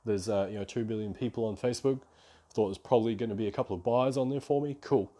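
A man's voice: fairly low pitch, fast, warm tone. A man hosting a podcast, telling a rambling, self-reflective story in a casual solo monologue. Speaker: podcast host.

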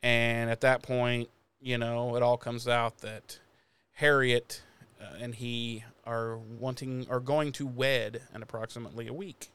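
A man's voice: mid-range voice, flat delivery, a little slow, fairly bright tone, smooth, no room sound. Man, podcast co-host, casual recap chat, resonant voice, dry close recording, profane, acts out lines.

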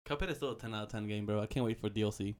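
A young man who talks quickly in a mid-range voice. He tells stories in slangy, loose banter and laughs a lot between his lines. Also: fairly low pitch, darkish tone. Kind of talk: casual chat.

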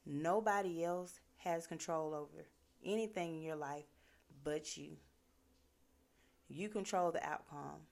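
A woman with a fairly low voice speaks in a casual motivational talk. She is earnest and conversational, and her sentences are full of "like". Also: vocal fry. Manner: earnest, conversational, many fillers like "like".

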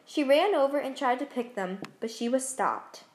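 A woman reading her own children's story aloud, gently and expressively. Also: high voice, lively intonation, normal speed.

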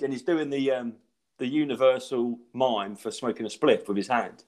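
A man's voice: mid-range voice, normal speed, a little mellow. A middle-aged man, a stand-up comedian, telling stories in casual podcast chat, swearing freely and acting out voices.

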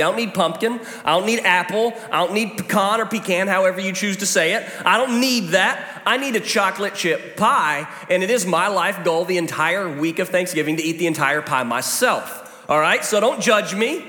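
A man preaching in a large echoing hall, his voice high and bright. He tells funny stories and jokes with the crowd as he makes his point. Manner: storytelling, joking, lively asides. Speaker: pastor. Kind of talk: sermon. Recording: echoey hall.

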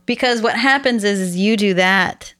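A young woman co-hosting a podcast in casual chat, blunt and laughing often, animated when retelling stories. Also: mid-range voice, moderate pace, no room sound, clean studio sound. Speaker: podcast co-host.

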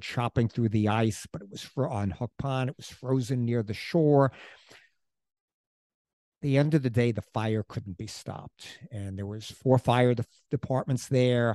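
A man's voice: mid-range voice, warm tone, no echo. A man co-hosting a podcast, telling local history in a chatty, rambling way with restarts and asides. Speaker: podcast co-host. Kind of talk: casual chat about local history.

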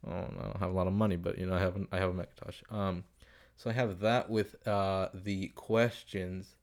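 Low-pitched and flat, a young man's voice moves at a moderate pace as he hosts a casual advice podcast from home. He uses a desktop computer setup in a room with a window and street noise outside, and he rambles, swears and strays off topic while reading listener questions.

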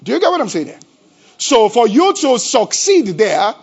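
A man preaching a sermon as pastor. He keeps asking the congregation rhetorical questions and swings between loud emphasis and a low, conversational tone. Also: sing-song, moderate pace, husky. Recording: dull lo-fi church recording.

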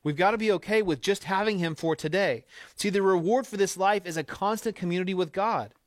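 A pastor preaches to his congregation in a fairly high voice, emphatic and conversational, a little fast, slipping into quoted asides. The recording is dry with almost no room echo.

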